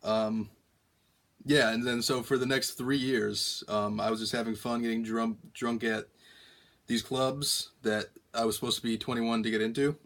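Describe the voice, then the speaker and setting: A young man telling a long story on a prank call in a halting, deadpan way, full of ums and restarts. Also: medium pitch. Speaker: prank caller.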